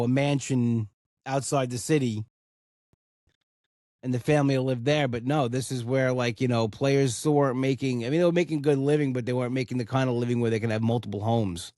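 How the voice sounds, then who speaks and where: A man's voice: medium pitch, darkish tone, dry recording, clean studio sound. A man, hosting a casual solo podcast, talking in a rambling, heartfelt way with many "you know" fillers. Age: 40s. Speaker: podcast host.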